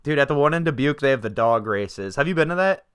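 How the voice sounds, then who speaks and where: A man's voice: medium pitch, animated, quick pace, a bit bright, clean tone. Casting: young male podcast co-host, swears constantly, rambles through anecdotes. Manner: profane, rambling storytelling. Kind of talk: casual chat.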